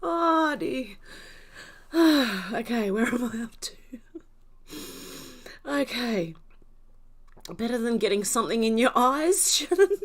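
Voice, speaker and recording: A woman's voice: a little high, expressive, takes it slowly, long pauses. An older woman hosting a casual livestream, reading chat comments while laughing helplessly to the point of tears. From Australia. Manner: laughing helplessly, snorting, breathless giggles. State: tearful from laughing. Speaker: livestream host.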